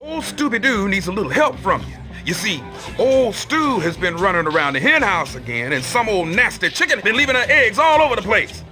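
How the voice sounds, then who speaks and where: A man's voice: high voice, sing-song, brisk, sharp tone, soft background music, exaggerated voice. An actor playing a folksy old countryman who drawls in a rustic way in a video game. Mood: coaxing. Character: folksy old country man with a hen house.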